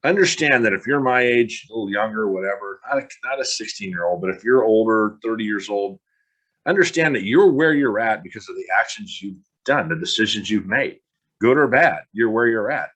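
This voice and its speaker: A middle-aged man with a fairly low voice, talking straight into the mic in a blunt monologue. He sounds frustrated and curses freely as he pushes the listener to stop making excuses. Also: lively intonation, fairly quick, a bit bright. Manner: blunt, frustrated, swears casually. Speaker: podcast host. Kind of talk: motivational podcast monologue.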